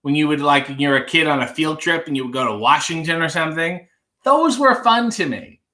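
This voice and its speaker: Brief: young male livestream host, bright and animated, wry and rambling, reading chat aloud. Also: a little high, a little fast. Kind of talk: casual live chat reading viewer comments.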